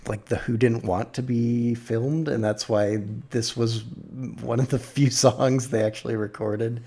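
A young man co-hosting a casual podcast chat, excitable and quick to laugh. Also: husky. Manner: excitable, laughs often, pitch jumps when animated. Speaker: podcast co-host.

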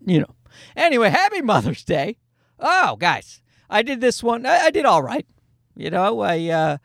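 A man talks through a comedy podcast with a high, lively voice that swings up and down. He swears casually and puts on quick voices for the people in his stories. The sound is close and dry, with no room around it. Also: creaky, dry recording. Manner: animated storyteller, swears freely, acts out voices. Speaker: podcast host. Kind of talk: comedic solo podcast monologue. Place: Toronto.

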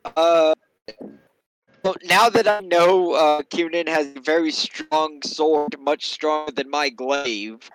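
A man's voice: a little high, slow pace, a bit bright, smooth, poor audio. A man playing in a tabletop game, talking hesitantly with plenty of fillers. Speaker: player. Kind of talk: casual tabletop game banter.

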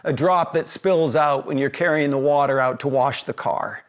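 A man's voice: medium pitch, normal speed. A man preaching a sermon, from Canada, earnest and full of rhetorical questions while he reads passages aloud. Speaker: pastor.

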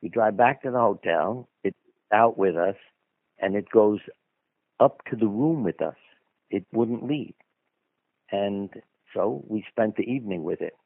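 A guest author in a radio interview tells anecdotes in a rambling, conversational way, full of asides. His lowish voice is slightly rough and a little slow, pausing often, and it comes through as dry phone-line audio with no echo.

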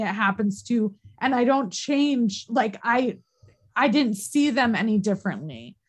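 A woman in a candid podcast conversation, talking earnestly and emotionally, halting with restarts and frequent fillers. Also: fairly high pitch, animated, slightly rough.

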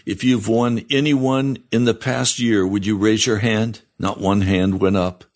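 A male pastor preaching a broadcast sermon, fiery and reading scripture aloud, rising in pitch on pointed questions. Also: fairly even intonation, a little slow, darkish tone. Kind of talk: radio sermon.

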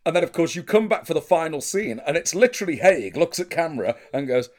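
A man's voice: fairly high pitch, big pitch swings, quick pace, darkish tone. A man co-hosting a casual chat, telling stories with enthusiasm, at times trailing off wistfully. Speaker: podcast co-host. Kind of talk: casual chat about old British television.

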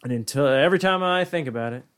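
A man's voice: on the high side, quick pace, fairly bright tone, clear, resonant tone. Rambling, foul-mouthed young man co-hosting a podcast. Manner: rambling, profane, full of "like" fillers. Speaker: podcast co-host. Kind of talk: casual podcast chat.

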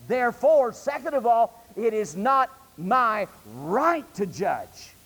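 A man preaches to his congregation, pressing them with rhetorical questions. His voice sits very high, and his delivery rises and falls animatedly. The sound carries a long reverb, as if it was recorded in a church hall. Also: animated, slow, hardly any pauses, a bit bright, husky. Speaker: pastor. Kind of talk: sermon. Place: church sanctuary.

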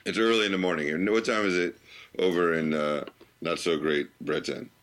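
A man's voice: low-pitched, steady tone, normal speed, noisy background. A man hosting a podcast, bantering and laughing often with his co-host. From United States. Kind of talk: casual banter.

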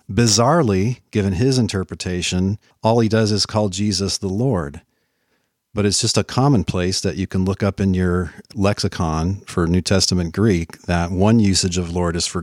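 A man's voice: low voice, no echo, studio quality. A man giving confident, dismissive rebuttals in a formal debate.

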